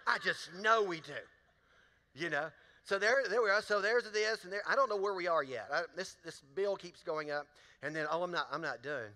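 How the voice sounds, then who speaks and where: Brisk and bright, a male pastor's high voice carries a forceful tone through a large church auditorium. He tells folksy stories and quizzes the crowd during his sermon, and the hall gives the recording a long reverb.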